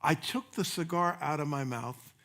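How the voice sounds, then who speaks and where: An older man preaches in a relaxed, anecdotal way, pausing to chuckle and restart his sentences. His voice sits slightly higher than most men's. It sounds like a sermon delivered in a church. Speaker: minister. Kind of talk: sermon with personal storytelling. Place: church sanctuary.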